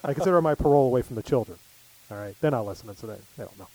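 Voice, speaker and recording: A man's voice: mid-range voice, expressive, rapid-fire, dark tone, poor audio. A middle-aged man telling stories in casual chat, full of fillers. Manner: rambling storyteller, many fillers.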